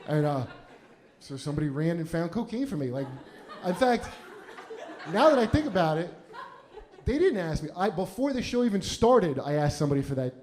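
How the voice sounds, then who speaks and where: A man's voice: fairly high pitch, big pitch swings, fairly quick, a little mellow. Rambling, profane male comedian telling a story. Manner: profane, rambling, laughs often while talking. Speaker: comedian and podcast host. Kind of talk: casual storytelling anecdote.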